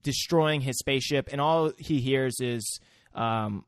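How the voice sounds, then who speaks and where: A man's voice: mid-range voice, unhurried, clear, resonant tone, no room sound, clean studio sound. A man co-hosting a casual podcast, rambling through a film recap with lots of fillers and searching for words. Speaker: podcast co-host.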